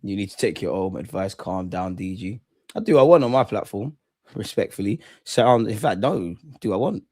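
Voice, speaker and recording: A young man hosting a live football watch-along, reacting excitedly, swearing at the referee and telling the players to calm down. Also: on the low side, fairly quick, slightly rough. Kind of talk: live match reaction commentary.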